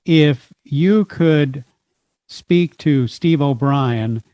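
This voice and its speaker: A man hosting an interview, asking measured, curious questions of his guest. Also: fairly high pitch, no echo, dull audio. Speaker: interviewer host.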